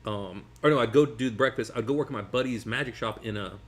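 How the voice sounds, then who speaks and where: Fast-talking man telling rambling stories. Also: medium pitch. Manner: rambling, animated, many restarts. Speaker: magician guest. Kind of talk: casual storytelling chat. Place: sitting at a table over food.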